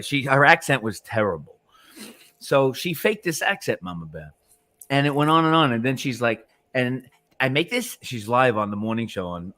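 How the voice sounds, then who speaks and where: A man co-hosting a live panel talk show, chatting in a loose, rambling way that is full of swearing and quick laughs. His pitch swings widely as he talks. The recording is dry and close, with no room sound. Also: fairly bright tone, dry recording. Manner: profane, rambling, laughs often. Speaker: podcast co-host. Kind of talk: casual live panel chat.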